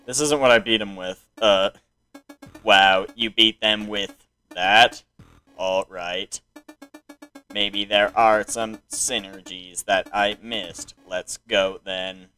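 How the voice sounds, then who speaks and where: A man playing a card game on his channel and thinking out loud, with sudden excited outbursts between calm remarks. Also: on the low side, slow, soft background music, rough recording. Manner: excitable reactions and self-talk. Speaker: gaming channel host. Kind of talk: let's play commentary.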